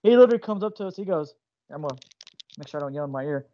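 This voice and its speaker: A man co-hosting a podcast interview, telling stories in an animated, slangy way. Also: fairly high pitch, very fast, no echo. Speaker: podcast co-host. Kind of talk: casual interview chat. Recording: dull lo-fi sound.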